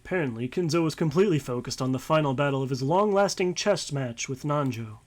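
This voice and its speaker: A man's voice: a little high, expressive, fast. A man streaming a visual novel, reading narration aloud and rambling casually with light swearing. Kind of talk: let's-play commentary and reading aloud.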